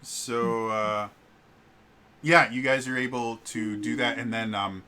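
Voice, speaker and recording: A man narrating as game master of a tabletop game, talking in a halting, stumbling way. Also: mid-range voice, steady tone, bright, forceful tone.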